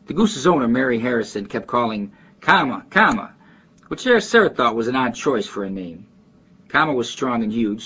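A man's voice: mid-range voice, fairly bright tone, slightly rough, dull audio. A man with a Chicago accent who reads a short story aloud and then chats loosely about how people talk, with restarts along the way. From Chicago, near West Side. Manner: rambling, with restarts and asides. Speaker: dialect archive speaker. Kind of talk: reading a passage, then casual talk.

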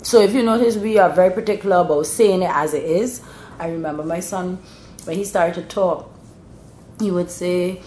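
Lower-pitched Barbadian woman explaining. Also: normal speed, dark tone. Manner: thoughtful, explanatory, with frequent restarts. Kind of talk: explanatory casual talk. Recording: roomy room, faint rumble.

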